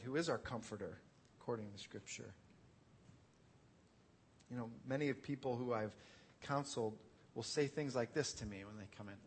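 A male pastor with a medium-pitched voice delivers an earnest, conversational sermon, swinging from quiet reflection to loud, pleading intensity. There is slight background noise.

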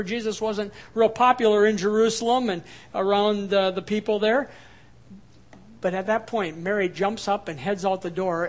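A male pastor preaching a sermon, moving from lively acted-out quotes to soft, low, quiet passages. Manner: dynamic preaching, acts out quoted voices, drops to soft low tones.

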